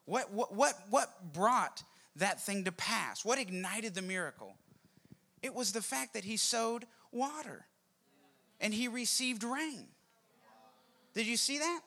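A man preaches from the pulpit, retelling a scripture story with animated, playful energy. He acts out the lines of the people in the story as he goes. His voice sits high and has a bright, forward edge. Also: slow pace, pauses often. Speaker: pastor. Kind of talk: sermon.

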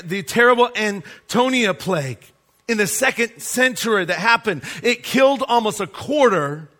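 A man's voice: high-pitched, sharp tone. A man preaching a sermon as pastor, emphatic and asking the congregation rhetorical questions.

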